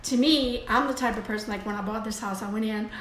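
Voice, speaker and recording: An older woman with grandchildren hosting a casual live video from home, rambling warmly with many fillers and restarts. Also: fairly high pitch, quick pace, a little hiss or hum. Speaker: host of a daily live video. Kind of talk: casual live-stream chat. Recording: echoey room with faint ambience.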